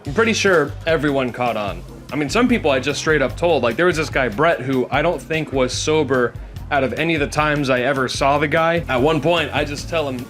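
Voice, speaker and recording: A man's voice: a little high, fairly quick. A man telling a funny story in a rambling, casual way, with music underneath. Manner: rambling and animated. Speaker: comedic storyteller.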